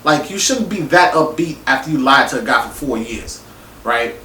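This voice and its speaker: Male reviewer, casual and expressive, voice swings up and down, recorded at a distance from the mic. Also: mid-range voice, moderate pace, a little hiss or hum. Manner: animated, acts out reactions, casual slangy talk. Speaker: TV show reviewer. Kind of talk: casual opinion monologue. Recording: echoey room, mic at a distance.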